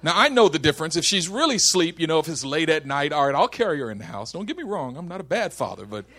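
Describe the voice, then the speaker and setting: A man's voice: a little high, big pitch swings, fast, bright, forceful tone. A man in his thirties preaching a sermon, telling funny family stories and building to impassioned preaching. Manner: storytelling, humorous then building to impassioned preaching. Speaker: pastor.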